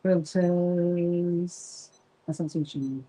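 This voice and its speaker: A woman's voice: lowish voice, steady tone, drawn-out words, mellow, poor audio. A middle-aged woman hosting a casual sewing livestream, chatting, greeting viewers by name and getting easily distracted. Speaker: livestream host, quilting association founder.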